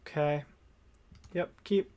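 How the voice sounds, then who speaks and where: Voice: slow pace, dark tone. A streamer giving casual live commentary while playing a card game, thinking aloud in an upbeat, easygoing way.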